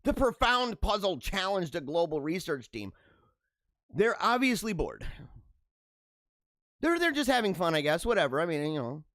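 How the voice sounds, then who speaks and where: A man hosting a show, reading out news items and joking about them in loose, animated asides with frequent laughs. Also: sits high, moderate pace, long pauses, dry recording. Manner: animated, laughs and riffs between read-aloud headlines. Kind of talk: casual commentary on news items.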